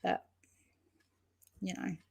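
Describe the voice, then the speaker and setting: A woman hosting a casual true-crime livestream, reading viewer comments aloud and answering chatters by name, thinking aloud with frequent pauses and restarts.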